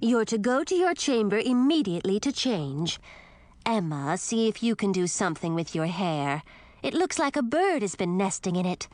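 A woman voicing a stern middle-aged queen who gives slow, clipped orders. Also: mid-range voice, very animated, darkish tone, dry recording, natural voice.

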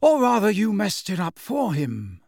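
A man reads a calm, wry middle-aged teacher in an audiobook, lifted a little above his own voice. The voice is lively and the sound dry. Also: fairly high pitch, moderate pace, dry recording, pitched above the performer's own voice, close to an everyday voice. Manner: wry, quietly satisfied. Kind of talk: audiobook character voice.

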